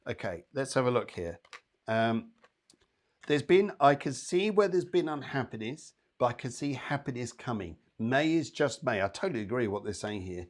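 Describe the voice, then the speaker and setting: A male psychic medium hosts a live show, giving readings to viewers. He talks in a chatty, upbeat way and calls people by name. His pitch sits in an ordinary middle range. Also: expressive, normal speed.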